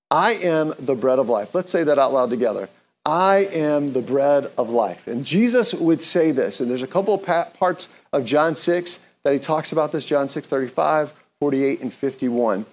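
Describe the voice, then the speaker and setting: A man's voice: on the high side, a little mellow. A man preaching an earnest, conversational sermon, leading the congregation in call-and-response. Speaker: pastor.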